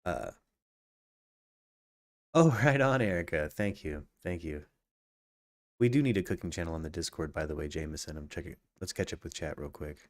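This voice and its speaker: With a very deep, darkish voice, this man hosts a live true crime podcast stream. Facts get read aloud, then he breaks off for casual chatter with viewers, greeting the chat and restarting frequently.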